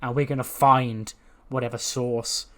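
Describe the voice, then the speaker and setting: A man doing a brooding, fed-up dark wrestler. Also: medium pitch, flat delivery, measured pace.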